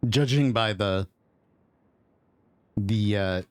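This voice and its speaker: Speaking very slowly, this man has a lowish, clear, resonant voice with no echo. He streams a game from his desk mic, offering loose commentary full of rambling, mutters, and side remarks as he reasons through play.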